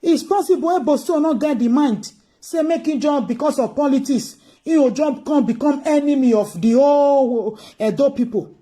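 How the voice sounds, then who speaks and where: A woman's voice: high-pitched, moderate pace, few pauses, dark tone. A Nigerian woman with an Edo Pidgin accent giving emphatic political commentary on a livestream, repeating her key phrases. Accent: Nigerian Pidgin English, Edo. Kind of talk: live-streamed political commentary.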